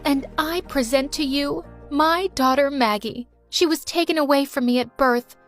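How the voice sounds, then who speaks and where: A woman's voice: moderate pace, faint music behind, natural voice. A woman voicing a vain, self-centered celebrity mother who stars on a reality TV show, putting on a syrupy public manner. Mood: sweet. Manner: shrill when angry, syrupy for cameras.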